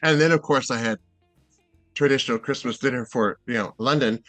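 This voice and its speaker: A man's voice: medium pitch, brisk, fairly bright tone, dry recording, soft background music. A middle-aged man from Seattle, a guest in a casual interview, rambling and hesitant with many fillers and restarts. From Seattle, USA.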